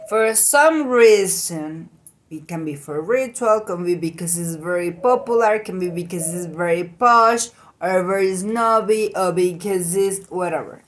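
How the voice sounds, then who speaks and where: Woman, very slow pace, halting casual monologue. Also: medium pitch. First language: Spanish. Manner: halting, searching for English words.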